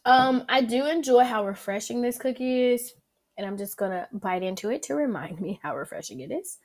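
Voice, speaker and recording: Hosting her own casual food-review podcast, a Southern-accented woman chats in an animated way, peppering her talk with "um" and "like." Her voice is a little high at a moderate pace, and she hums while tasting and savoring the food.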